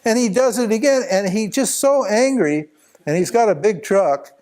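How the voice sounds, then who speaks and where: A man's voice: high-pitched, moderate pace, slight background noise. A man teaching at a spiritual retreat, telling a long anecdote with lots of restarts and chuckles. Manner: rambling, animated anecdote with many restarts and laughs. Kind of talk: storytelling talk at a retreat.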